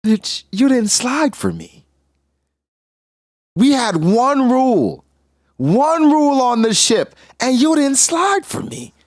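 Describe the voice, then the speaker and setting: A high, whining pirate voice put on by a man, complaining in slow, drawn-out street slang. He sounds petty and wounded, and his pitch swings widely. The sound is dry and close. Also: very animated, no room sound, full character voice. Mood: indignant. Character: aggrieved adult male pirate, petty and indignant.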